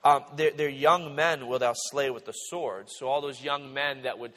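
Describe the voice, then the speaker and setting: A man preaching a sermon, retelling the passage in animated storytelling and acting out the characters. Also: medium pitch, moderate pace. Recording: reverberant hall.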